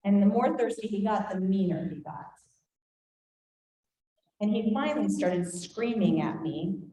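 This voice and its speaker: An older woman teaching a group, telling a family story in an animated way and acting out voices. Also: mid-range voice, measured pace. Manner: animated, acts out quoted voices. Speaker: Bible study teacher. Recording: echoey room, faint noise.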